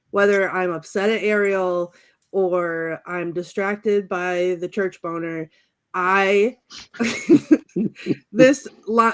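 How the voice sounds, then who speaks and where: A woman's voice: medium pitch, clear, resonant tone. A woman co-hosting a podcast, chatting casually and giggling as she shares favorite movie quotes. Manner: chatty and giggly, many fillers. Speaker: podcast co-host.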